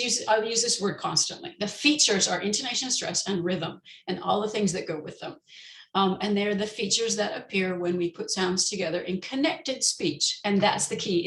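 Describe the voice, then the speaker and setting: A woman presenting an online teacher-training lecture, explaining step by step with frequent pauses and slowing down to model example sentences. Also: medium pitch, fairly bright tone, echoey room, rough recording.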